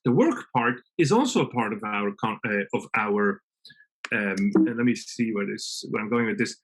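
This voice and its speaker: A man's voice: fairly low pitch, lively intonation, moderate pace, a bit bright. A man speaking at a virtual conference, telling a story and acting out its dialogue playfully, often restarting his phrases. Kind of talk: storytelling talk. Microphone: video call.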